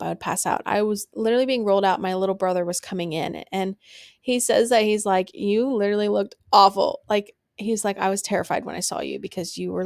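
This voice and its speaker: A woman's voice: mid-range voice, vocal fry, dry recording, clean studio sound. A young woman hosting a podcast, telling a personal story candidly with lots of fillers and some swearing. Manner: candid, swearing, filler-heavy, emotional at times. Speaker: podcast host.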